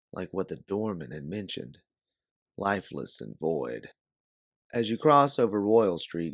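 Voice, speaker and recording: A man narrating a second-person audiobook story in a steady, measured way. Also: low voice, gravelly, dry recording, clean studio sound.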